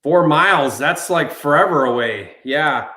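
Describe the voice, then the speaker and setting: A man co-hosting a live real estate stream, asking questions in a quick, casual way over a video call. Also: fairly high pitch, expressive, pushed and bright. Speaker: co-host. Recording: echoey room.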